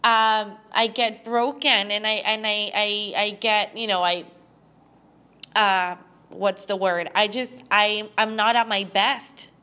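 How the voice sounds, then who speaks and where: A young woman hosting a podcast, talking through an emotional personal monologue in a halting way, full of restarts, close to tears. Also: medium pitch, fairly even intonation, pushed and bright. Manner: halting, with frequent restarts and fillers. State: teary. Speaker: podcast host.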